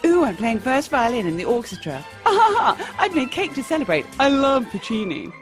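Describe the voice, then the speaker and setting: A woman's voice: sits high, very animated, normal speed, faint music behind, voice pushed up. A woman voicing an over-enthusiastic woman violinist who gushes and breaks into squealing laughter. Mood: gushing.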